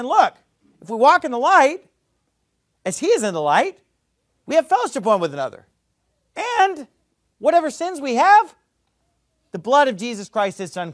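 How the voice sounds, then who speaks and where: Casting: male pastor, high and very animated voice, emphatic preaching, dry close sound. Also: dry recording. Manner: emphatic, swings between loud and low, mimics others mockingly. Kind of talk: sermon.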